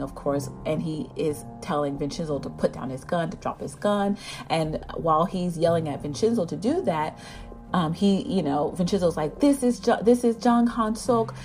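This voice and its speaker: A woman giving a casual, animated episode recap. She rambles with many fillers and keeps acting out the characters' lines. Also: deep voice, normal speed, faint music behind. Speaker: drama recap vlogger.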